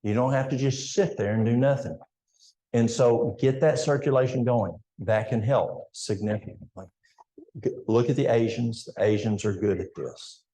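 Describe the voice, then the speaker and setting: A man's voice: mid-range voice, moderate pace, warm tone, echoey room. An older man with an East Tennessee Appalachian accent, giving a folksy health seminar talk in a church and addressing the audience directly. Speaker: health educator.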